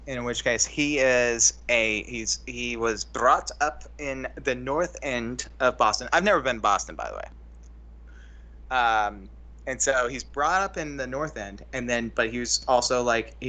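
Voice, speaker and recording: A man's voice: mid-range voice, unhurried, sharp tone. A man co-hosting a casual film breakdown chat, rambling and restarting his sentences often. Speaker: co-host.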